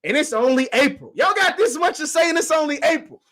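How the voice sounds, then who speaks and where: A man hosts a casual sports call-in show, trading lively talk with callers. His voice sits very high for a man. He sounds animated and quick to laugh along. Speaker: host.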